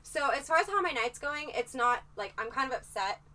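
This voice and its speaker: Bright, sharp-toned woman streamer, far from mic. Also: sits high, fairly quick. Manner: profane, rambling, animated storytelling. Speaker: livestreamer. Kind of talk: casual livestream chat.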